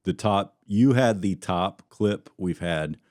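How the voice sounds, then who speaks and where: A man's voice: low-pitched, slow, a little mellow, no echo, clean studio sound. A man hosting a podcast in casual chat, rambling and laughing often, his sentences trailing off. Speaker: podcast host.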